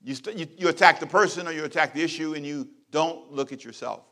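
A middle-aged man, a pastor, preaching a sermon with emphatic repeated phrases and big swings in loudness. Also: on the high side, a little fast, gravelly.

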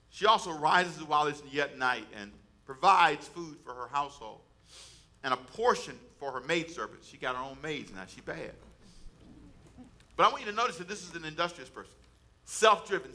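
Sharp-voiced preaching man. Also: fairly high pitch. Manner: conversational preaching with asides to the congregation. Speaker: pastor. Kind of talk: sermon.

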